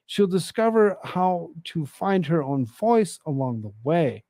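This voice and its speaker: A man's voice: fairly high pitch, sing-song, unhurried, warm tone, dry recording. A man hosting a casual commentary show, sarcastic and exasperated as he rambles about news and viral clips.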